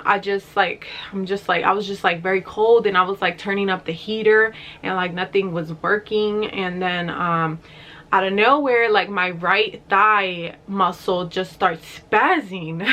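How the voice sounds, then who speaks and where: A young woman telling a storytime to her camera, rambling and loose, packed with fillers and the odd curse. Her voice is bright and forward, at an ordinary middle pitch. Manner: rambling, lots of fillers and swearing. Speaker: vlogger. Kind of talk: casual storytime.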